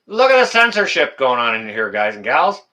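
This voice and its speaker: A man's voice: medium pitch, very animated, fairly quick, pushed and bright. A man hosting a casual livestream, talking to viewers in the chat by name and ranting indignantly, often repeating his phrases. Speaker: livestream host.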